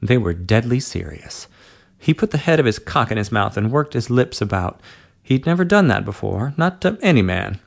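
Man with a gravelly reading voice. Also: medium pitch, big pitch swings, moderate pace. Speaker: narrator. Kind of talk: reading an adult story aloud.

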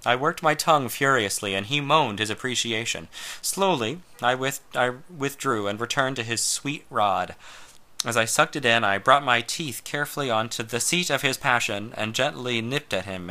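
A man reading a first-person story aloud in a slow, measured way, sometimes dropping to a hush. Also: mid-range voice. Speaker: narrator.

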